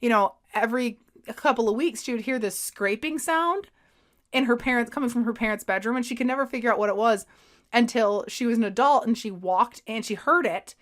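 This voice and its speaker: A young adult woman co-hosting a history podcast, telling a story in animated, giggly chat. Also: on the high side, brisk. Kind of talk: casual chat with outtakes.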